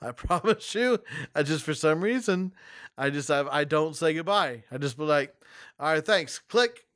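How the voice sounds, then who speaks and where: A young man tells stories in a loose, chatty way, tripping over his words and stopping to start again. His voice sits a little high for a man and comes across smooth and clear. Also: moderate pace, a bit bright. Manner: rambling with many restarts and laughs. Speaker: video answering personal questions. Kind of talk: casual storytelling.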